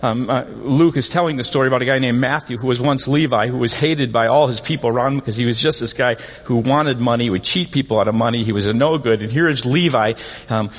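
A man preaching a sermon as pastor, animated and conversational, often rising in pitch to stress a point. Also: fast. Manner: animated, rises in pitch when making points. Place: church sanctuary. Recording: long hall reverb.

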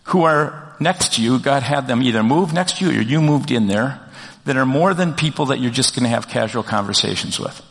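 A male pastor preaching in an easy, conversational way and putting questions to his listeners. His mid-range voice has a gravelly fry to it. The sound rings out with the long reverb of a big church sanctuary. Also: medium pitch, animated, brisk. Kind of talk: sermon. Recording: long reverb of a large hall.

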